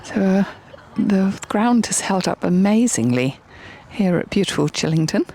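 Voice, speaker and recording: A woman's voice: medium pitch, expressive, measured pace, mellow. A woman filming outdoors at a windy, wet showground, chatting through a casual commentary and calling encouragement to the horse.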